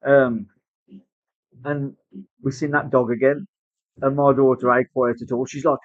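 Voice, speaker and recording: A man's voice: medium pitch, steady tone, moderate pace, long pauses, dry recording. A man with a British accent telling a casual story, swearing often and acting out other people's voices. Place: tattoo studio. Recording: dry, slightly dull sound.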